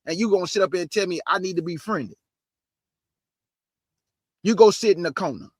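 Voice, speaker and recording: A man with a high, light voice preaching hard, blunt and combative, in plain street talk. He pushes up into forceful emphasis and then reads scripture aloud. The sound is close and dry, with no room around it. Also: a little fast, no echo. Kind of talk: fiery sermon with scripture reading.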